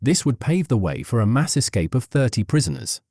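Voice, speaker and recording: A man giving scripted documentary narration in a measured, storytelling delivery. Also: medium pitch, sing-song, mellow, slightly rough, no room sound, clean studio sound.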